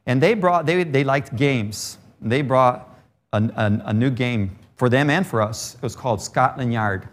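A man's voice: medium pitch, measured pace. Man preaching a sermon with rising fervor. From Brazil. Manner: storytelling that builds to emphatic preaching.

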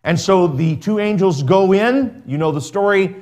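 A man preaching a sermon as pastor, slowing down to stress words and dropping to a soft voice at the ends of phrases. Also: high voice. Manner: preaching with slow emphatic stretches and soft drops.

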